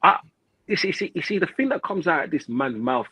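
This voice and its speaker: A man's voice: fairly high pitch, big pitch swings, fairly quick, bright, forceful tone, husky, dry recording, low-quality recording. A man, hosting a football fan show, ranting heatedly with lots of swearing, repetition and street slang. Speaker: football pundit host.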